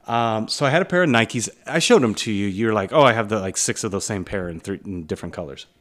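A man's voice: on the low side, animated, quick pace, fairly bright tone. A man co-hosting a casual podcast, telling a long rambling anecdote and quoting people as he goes. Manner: rambling anecdotal storyteller, mimics others in quotes. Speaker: podcast co-host. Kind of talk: casual storytelling chat.

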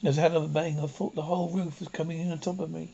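A brisk, crisp executive, speaks in a gravelly voice that sits a little high. It sounds like an old 1960s television drama. The audio is dull and muffled, with a narrow range. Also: male voice, flat delivery, dark tone. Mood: uneasy.

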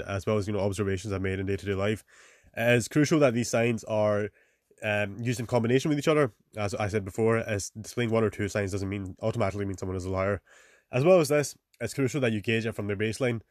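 A man's voice: on the low side, no room sound, studio quality. A young man hosting a casual advice monologue, talking loosely with lots of fillers, the odd swear and "man" tacked onto his sentences. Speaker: podcast host.

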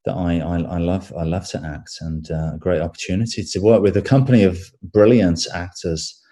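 A man with an English accent, an actor being interviewed, talking in a relaxed way with fillers and repeated words. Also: low-pitched, fairly quick. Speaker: actor guest. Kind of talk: casual interview chat.

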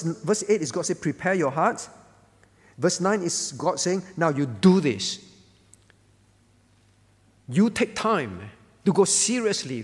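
A man's voice: a little high, breathy edge. A man preaching at a prayer meeting as the pastor, earnest, repeating his phrases and quoting scripture. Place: church hall. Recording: church hall with long reverb.

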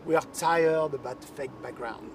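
French-accented man, outdoor video toast, high voice, distant mic, faint street hum. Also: unhurried. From France. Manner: light joking, then formal. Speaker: company chief giving a toast. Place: outdoor terrace in a city.

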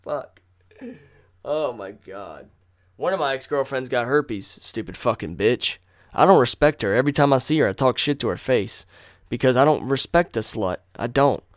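A man hosts his own podcast alone and vents in a blunt, heated rant full of swearing. His voice has an ordinary, middle pitch. The sound is close and dry. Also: lively intonation, normal speed, no room sound. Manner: angry, profane, blunt ranting. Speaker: podcast host.

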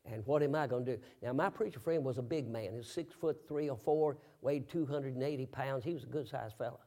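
A man preaching a sermon, telling a story in a folksy way, asking rhetorical questions and bursting into loud, emphatic shouts. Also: mid-range voice, a little fast.

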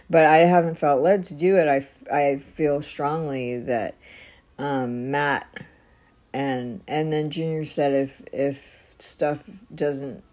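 A woman's voice: extremely low pitch, a little mellow. A woman telling a personal story in a casual, rambling way, with many restarts and fillers.

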